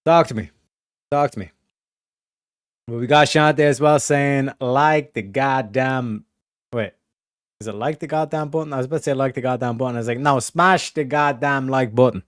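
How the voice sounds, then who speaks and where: A man's voice: medium pitch, moderate pace, dry recording, studio quality. An Irish man hosting a stream in casual chat, rambling and swearing, repeating his catchphrases. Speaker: streamer host.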